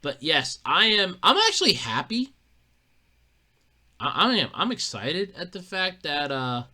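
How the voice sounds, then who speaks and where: A solo podcast host with a bright, edgy tone and a lively voice that leaps up and down. They rant about gaming news in a profane, emphatic way, repeating themselves when worked up. Low mutters alternate with sudden loud outbursts. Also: a little slow.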